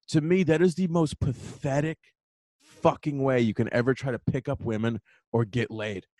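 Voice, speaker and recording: A man's voice: medium pitch, dry recording. A man hosting a podcast, telling a story in a heated, profane casual rant. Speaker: podcast host. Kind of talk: casual ranting monologue. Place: New York.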